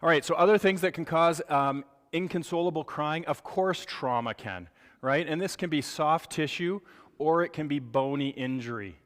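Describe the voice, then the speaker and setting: A man giving a live medical lecture to clinicians, animated and joking, acting out parents' reactions. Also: fairly high pitch, normal speed, big-room sound.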